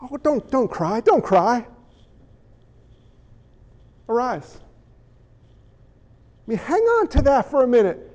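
Pastor, male, very high voice, animated storytelling sermon, voices his characters. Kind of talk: sermon with acted-out scenes.

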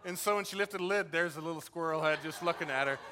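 A man preaching a sermon in a casual, animated way, telling stories and acting out quoted dialogue. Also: fairly high pitch, fast talker. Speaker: pastor. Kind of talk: sermon with storytelling. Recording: long hall reverb.

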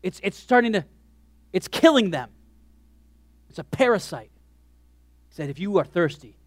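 A man preaching a sermon as pastor, animated, swinging from hushed asides to shouted lines. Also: high-pitched, normal speed, pauses often, no echo.

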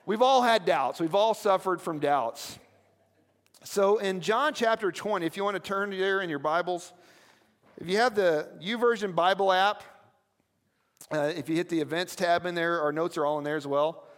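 High-voiced pastor preaching in a hall. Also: male voice, normal speed. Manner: storytelling, conversational with audience asides. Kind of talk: sermon. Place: church.

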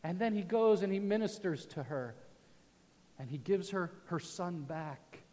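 A male pastor preaching a sermon, moving from loud proclamation to soft, hushed passages. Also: sits high, a little slow, a little hiss or hum. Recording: long hall reverb.

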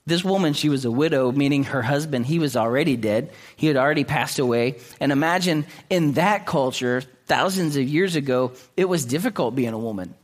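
A man preaching a sermon in an earnest way, often restarting his words and clearing his throat. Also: mid-range voice, brisk, few pauses. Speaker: pastor.

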